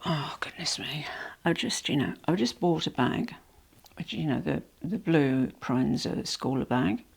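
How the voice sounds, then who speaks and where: A vlogger with a cold speaks in a low, gravelly, slightly rough and mellow voice that's nasal and a bit breathless. At home, she rambles apologetically to camera in a casual unboxing chat, recorded on a small microphone.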